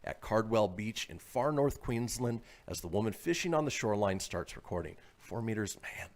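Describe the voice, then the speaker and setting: With a fairly low voice at a moderate pace, this radio host from northern Nevada reads stories aloud and chats casually. He's animated and laughs frequently.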